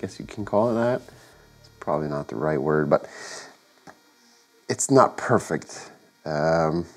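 A man sounding sick, casually narrating his engine work in a garage and thinking aloud with hesitant fillers and self-corrections. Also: low-pitched. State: sick, voice affected by illness. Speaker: home mechanic and channel host. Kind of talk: casual workshop narration while working. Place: home garage workshop.

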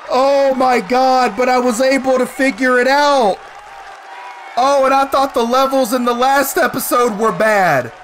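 A man doing let's play commentary, excitable, cursing and shouting at the game as he plays. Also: extremely high pitch, measured pace, a faint crowd, slight background noise. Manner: excitable, swears and yells at the game. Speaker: gaming commentator.

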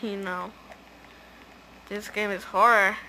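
A woman giving casual, excitable let's-play commentary as she plays, chatty and prone to gasps and squeals. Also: mid-range voice, slow, slight background noise. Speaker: gaming video host.

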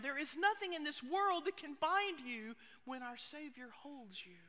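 Bright-voiced woman pastor preaching. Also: sits high, measured pace. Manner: expressive preaching, dropping to hushed asides. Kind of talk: sermon. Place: church sanctuary. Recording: long reverb of a church hall.

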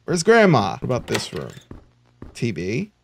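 A man's voice: medium pitch, wildly swooping pitch, unhurried, gravelly, a little hiss or hum. A man joking sarcastically through a let's play commentary. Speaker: gamer.

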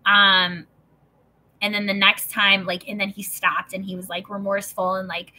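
Woman in her thirties, chatty host, bright and slightly husky, lots of "like" and swearing. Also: medium pitch, little pitch movement, normal speed. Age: 30s. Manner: chatty, peppered with "like", swearing, acting out quotes. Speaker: host reading and discussing a self-help book. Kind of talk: casual storytelling and book reading.

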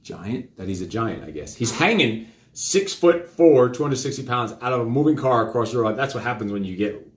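In a mid-range, animated voice and at a slightly fast pace, a man hosting a live show tells a story to his children. He rambles casually, swears, and uses lots of fillers, and the recording carries a roomy echo.

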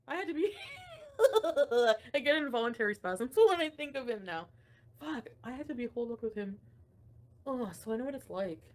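A young woman hosting a casual livestream, ranting with frequent swearing and laughter while reading chat comments. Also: mid-range voice. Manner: profane, ranting, laughs often. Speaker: livestream host.

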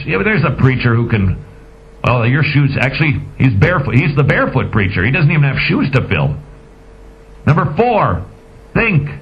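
A man hosting a radio talk show, giving emphatic, sarcastic, preachy commentary on lo-fi audio. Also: medium pitch. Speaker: radio host.

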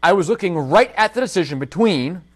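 A man whose voice sits high and who talks a little fast hosts a casual livestream as a holster maker. He tells a workshop story with animation and speaks directly to those watching.

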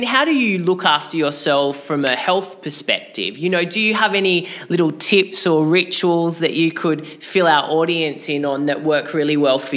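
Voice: medium pitch, fairly bright tone. An interviewer asking long, chatty questions full of "you know" fillers.

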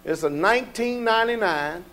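A male pastor preaching a sermon in a colloquial, folksy way, firing off rhetorical questions and sometimes rising to shouts. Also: high-pitched, lively intonation, normal speed, faint music behind.

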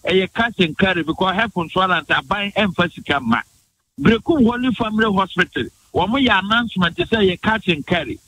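A man's voice: sits high, fairly bright tone, low-quality recording. A man from Ghana's Bono region with a Ghanaian accent, a guest on a radio morning show, arguing politics emphatically and mixing in English phrases. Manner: emphatic, rapid-fire, mixes in English phrases. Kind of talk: heated political argument on radio.

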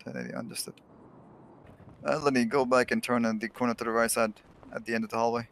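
A man's voice: medium pitch, fairly even intonation, fast talker, gravelly, fairly bright tone, a little hiss or hum. A man role-playing a paramedic in a game, talking in stiff, formal medical jargon. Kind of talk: in-character game role-play.

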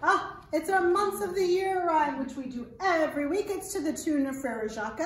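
A young woman librarian leading a children's storytime, gently and patiently explaining things to parents. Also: high-pitched, lively intonation, normal speed. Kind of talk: bilingual storytime. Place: library room. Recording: echoey room, mic at a distance.

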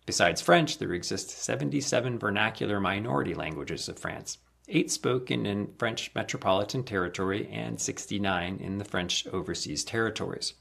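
Gravelly man reading an encyclopedia article. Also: on the low side, moderate pace, hardly any pauses, fairly bright tone. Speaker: volunteer reader.

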